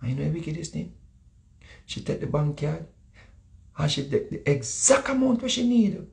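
A man's voice: on the high side, moderate pace, vocal fry. A man with a Jamaican accent telling stories in casual chat. He repeats himself and acts out the people he quotes. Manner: animated, repetitive, acts out quotes. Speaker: guest speaker.

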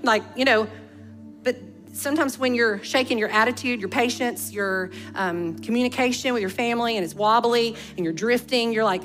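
A woman's voice: fairly high pitch, normal speed, a bit bright, faint music behind. A woman, preaching a conversational sermon full of rhetorical questions. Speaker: pastor.

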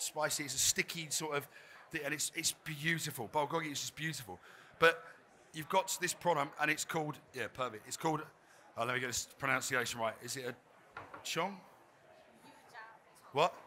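A man chats through a cooking demo on a trade fair stage, joking at his own expense as he goes. His voice is strikingly bright and forceful, pitched a little high. Faint ambient noise sits behind him. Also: a little fast. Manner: chatty, joking, self-deprecating. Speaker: chef giving a cooking demonstration. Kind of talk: live cooking demo talk.

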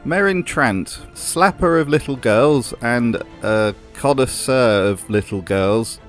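A man's voice: medium pitch, slow pace, faint music behind. A man hosting a comedic video essay, narrating in a dry, sarcastic way. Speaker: host.

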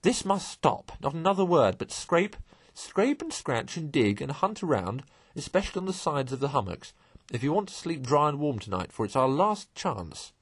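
Man voicing an excitable male water rat, storybook reading, brisk, emphatic, husky, very lively pitch. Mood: impatient.

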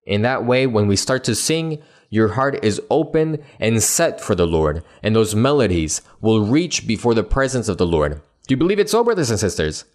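A man's voice: lowish voice, sing-song, normal speed, a little mellow. A man leading a church congregation in prayer and introducing hymns, speaking in an earnest, devotional way. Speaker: worship leader. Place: church service.

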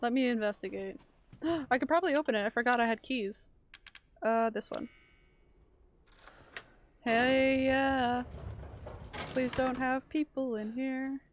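A woman's voice: high-pitched, a little slow, long pauses, slight background noise. A woman streamer giving chatty live commentary while she plays, swearing and panicking in frantic bursts.

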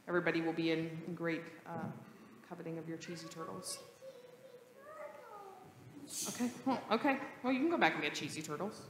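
A woman pastor reading the gospel and then leading a lively, playful children's sermon in church. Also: sits low, fast. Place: church sanctuary. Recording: roomy church reverb.

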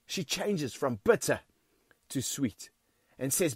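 In clean studio sound without echo, a man with a South African accent preaches in a church, his high voice sing-song and measured. Emphatic and fond of repeating key phrases, the pastor frequently calls the congregation friends.

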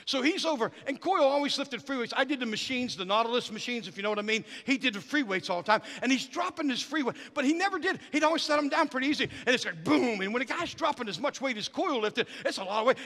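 A middle-aged man preaching as a guest in a church, telling stories with animated energy that builds to fervent shouting. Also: extremely high pitch. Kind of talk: sermon. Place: church sanctuary. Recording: reverberant church hall.

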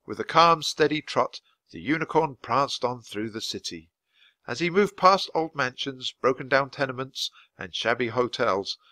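A man reading a children's storybook aloud at a natural, steady pace for learners. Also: mid-range voice, no echo. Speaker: reader.

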